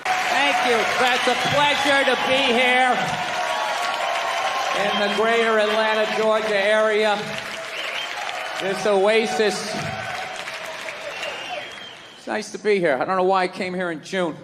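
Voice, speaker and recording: A man's voice: high-pitched, fairly even intonation, long reverb tail. A middle-aged man doing stand-up before a live audience, sardonic and profane, stretching out his words. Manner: sardonic, profane, drawn-out delivery. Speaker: stand-up comedian. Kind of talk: stand-up comedy. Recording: live show with crowd and noise.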